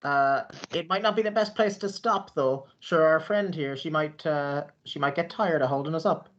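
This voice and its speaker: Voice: medium pitch, normal speed, a bit bright, lo-fi sound. Laid-back player. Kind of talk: casual tabletop game chat.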